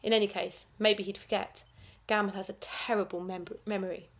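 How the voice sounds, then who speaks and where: A woman teacher reads a children's story aloud at an ordinary pitch. She is expressive and lively in her storytelling, and she drops to a hushed whisper for the asides. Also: normal speed. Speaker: primary school teacher.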